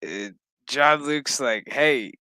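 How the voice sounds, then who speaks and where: A man's voice: on the high side, animated, takes it slowly, pushed and bright, smooth, no echo. A man giving a casual, profane recap of a TV episode, laughing often as he tells it loosely. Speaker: show recap host.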